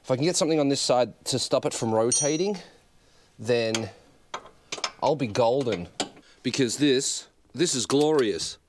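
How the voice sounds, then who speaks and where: Working beneath a car in his garage, a man records a casual vlog on an action camera with an external mic. His medium-pitched voice has lively intonation and a slightly slow pace with long pauses, against a noisy background, while he grumbles, swears at the task, and pokes fun at himself.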